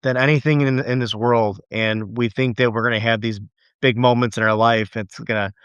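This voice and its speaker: Podcast host, man, mid-pitched, smooth voice, earnest and reflective, dry sound. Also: fairly even intonation, moderate pace, a bit bright, no echo, dull audio. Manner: earnest, reflective, repeats words as he thinks. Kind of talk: conversational interview.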